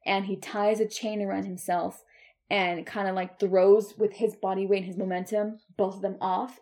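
A woman's voice: medium pitch, warm tone. A woman on a podcast retelling a film scene in casual chat, blunt and full of "like" fillers. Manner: chatty, many "like" fillers, blunt language. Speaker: podcast co-host. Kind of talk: casual movie recap.

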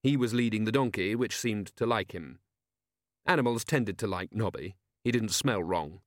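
A man's voice: lowish voice, normal speed, dry recording. Dry-voiced male audiobook narrator.

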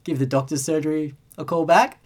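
A man's voice: a little high, steady tone, a little fast. A young man with an Australian accent telling a long rambling story as a podcast co-host, casual and sweary. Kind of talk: casual chat.

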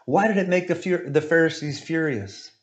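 A man's voice: on the high side, normal speed, highs cut off. A male preacher giving an emphatic sermon, repeating his points and often asking "right?".

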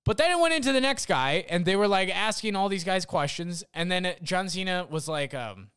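A man's voice: high-pitched, lively intonation, fairly quick, a bit bright, clear, resonant tone, no echo, studio quality. A young man ranting casually and sarcastically as a podcast host, rambling and swearing. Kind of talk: casual rant.

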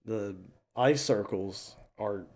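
A man's voice: on the low side, slow, darkish tone. A man co-hosting a podcast in playful, joking casual chat. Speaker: podcast co-host.

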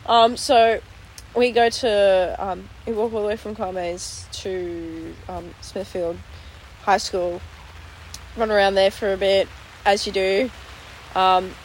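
A young Australian woman telling a story in casual chat, sweary and animated, full of "like". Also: medium pitch, slow, a little hiss or hum, poor audio. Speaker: podcast co-host. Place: inside a tent.

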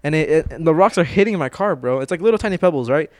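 A man's voice: a little high, animated, rapid-fire. A young man co-hosting a casual podcast at home, telling slangy stories with frequent laughs. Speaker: podcast co-host. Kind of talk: casual chat. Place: home room.

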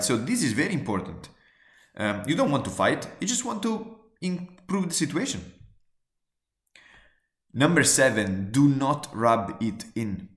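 A man speaking as a walks through advice tips in an earnest, emphatic way. He asks rhetorical questions and repeats his key points. His voice sits at a middle pitch and carries noticeable room echo. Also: fairly bright tone. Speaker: presenter giving workplace advice. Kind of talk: spoken advice talk, numbered tips.

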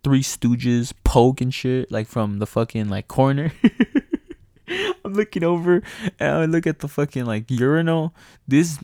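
A young man telling a profane, animated story in casual chat, often laughing. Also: mid-range voice, dry recording, studio quality.

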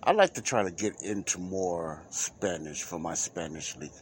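Man, deep voice, Christian podcast host, rambling emphatic delivery. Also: expressive, moderate pace, a little hiss or hum. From United States. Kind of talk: Christian talk podcast monologue.

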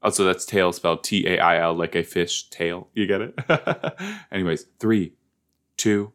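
A man hosting a casual reaction show about a TV episode, excitable and joking, with sudden jumps into high squeals. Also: moderate pace, smooth.

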